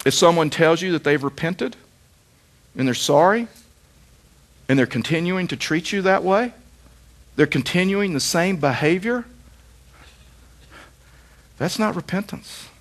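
A man's voice: a little high, lively intonation, unhurried, long pauses. Emphatic man preaching a sermon. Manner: emphatic repetition, rhetorical questions. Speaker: pastor.

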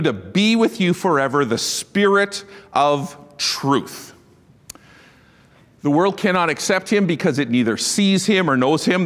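A man preaching a sermon, telling stories with animated emphasis and laughing at his own asides. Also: a little high. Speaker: pastor. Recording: long reverb of a large hall.

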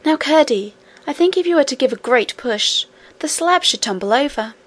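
A woman voicing an eager, hopeful little princess in a storybook reading, speaking in a hushed, eager way. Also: high-pitched, expressive, normal speed, voice pushed up.

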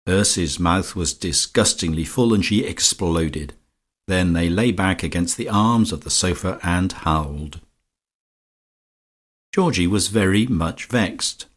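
A man reading a comic novel aloud as an audiobook narrator, in a measured, dry manner. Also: sits low. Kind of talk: scripted narration.

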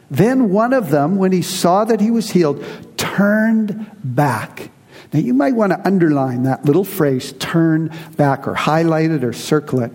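A man delivers an earnest sermon as a pastor, leaning on key phrases with slow emphasis. His voice sits on the higher side and has a husky edge. The sound rings out with a long reverb, as in a large church hall. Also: darkish tone.

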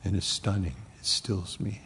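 A man preaching a sermon, swinging from loud emphasis to hushed near-whispers. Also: low voice, fairly even intonation, moderate pace, long reverb tail, slight background noise. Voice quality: gravelly, husky voice. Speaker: pastor.

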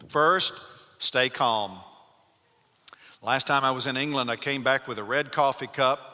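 A male pastor giving a Sunday morning sermon, swinging between loud calls and hushed, calm speech. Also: medium pitch, in a large hall. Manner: dynamic preaching, shifts from loud to hushed.

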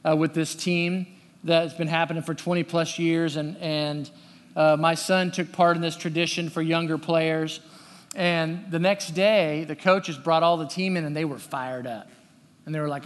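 A middle-aged man preaching a sermon, telling stories in an earnest, conversational way with many restarts. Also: fairly high pitch. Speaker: pastor. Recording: long reverb of a large hall.

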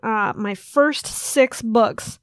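A woman's voice: a little high, extremely slow, no echo. Chatty woman podcast host, rambling. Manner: rambling, teasing, self-correcting. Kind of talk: casual chat.

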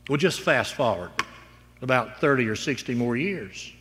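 A man's voice: mid-range voice, lively intonation, moderate pace, a bit bright. A male pastor preaching a sermon, moving from storytelling to emphatic declarations. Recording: long reverb in a large hall.

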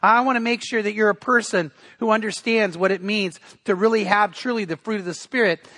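A man's voice: sits high, a bit bright. A man, the pastor, giving a sermon in an earnest, conversational preaching manner.

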